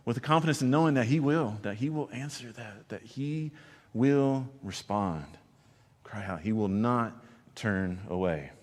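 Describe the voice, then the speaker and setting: Pastor guy preaching in a church, gets loud then drops real quiet, echoey hall. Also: lively intonation, unhurried. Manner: swings between loud emphasis and hushed low lines. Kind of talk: sermon. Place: church sanctuary.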